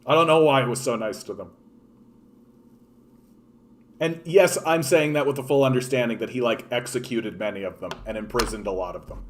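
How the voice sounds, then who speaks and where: A man's voice: mid-range voice, a little fast, long pauses, a little hiss or hum. A man, streaming and ranting loosely about politics, swearing freely and reacting to chat. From Canada. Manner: profane, animated, filler-heavy, reacting to chat. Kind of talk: casual political rant.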